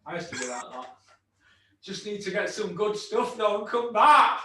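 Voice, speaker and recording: A man's voice: sits high, sing-song, normal speed, pushed and bright, recorded from a distance, slight background noise. Sweary man in an echoey room. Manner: blunt, sweary, mock-aggressive banter. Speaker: host. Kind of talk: casual podcast chat.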